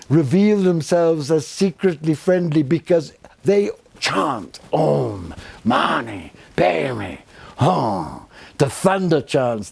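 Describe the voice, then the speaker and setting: An older man giving a spiritual talk to a retreat group, expressive and effusive, teasing his listeners fondly. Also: a little high, no echo. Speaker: spiritual teacher.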